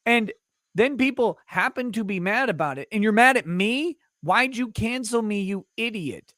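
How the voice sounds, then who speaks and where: A man in a mid-range voice, hosting a casual interview and ranting with quick indignation. His voice sounds dry and close, with no room echo. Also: high-pitched, animated, fairly bright tone. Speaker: host.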